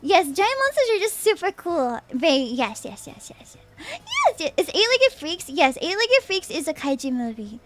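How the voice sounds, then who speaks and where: A woman's voice: very high voice, sing-song, moderate pace, fairly bright tone, slight background noise. A young adult woman streaming as a VTuber, chatting casually and playfully with her viewers, laughing often and repeating her own phrases. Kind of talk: casual live-stream chat, reading chat aloud.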